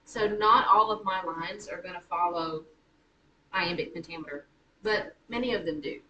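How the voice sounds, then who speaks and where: A woman teaching a high school writing class, chatty and teasing, often correcting herself mid-sentence. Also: moderate pace, bright, forceful tone. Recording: echoey room, far from mic, noisy.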